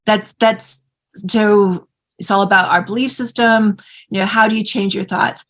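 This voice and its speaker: A woman hosting an interview, asking effusive, halting questions with many restarts. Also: medium pitch, fairly even intonation, fairly bright tone. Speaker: interview host.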